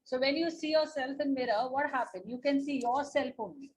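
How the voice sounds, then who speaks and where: In a low-quality recording, a woman's high, brisk voice carries an Indian English accent as she teaches online. She goes over points again and again with patience, punctuating them with "okay?" and "na?".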